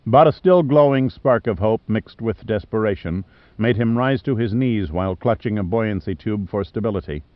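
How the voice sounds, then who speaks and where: Male audiobook narrator, lowish voice, measured, dry booth, slightly muffled recording. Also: no room sound. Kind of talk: scripted narration.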